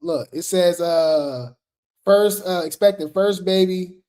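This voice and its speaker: A woman's voice: fairly low pitch, slow, dark tone. A woman hosting a casual gossip commentary show, chatty and slangy, laughing often as she talks.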